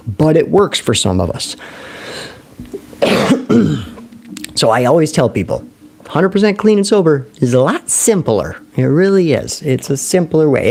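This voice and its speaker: A man with a mid-range voice hosts a recovery livestream, chatting casually in an animated way. He laughs often and tends to answer the questions he poses himself.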